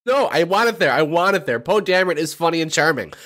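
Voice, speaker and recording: A man's voice: on the high side, lively intonation, fast, fairly bright tone. Rambling, stammering podcast guy. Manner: rambling, lots of restarts and repeated words. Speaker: podcast co-host. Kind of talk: casual chat.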